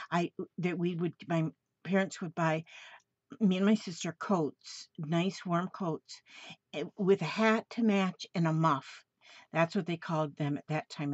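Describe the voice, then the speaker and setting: Slow, gushing older woman on lo-fi audio. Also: low voice, dry recording. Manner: gushing, gasping with delight. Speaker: crafting vlogger. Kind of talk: casual mail-opening chat. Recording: dull lo-fi home recording.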